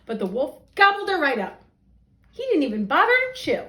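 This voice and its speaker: A woman teacher reads a children's story aloud to young listeners at normal speed, animated and expressive. Her high voice leaps around, and the roomy sound carries a clear echo.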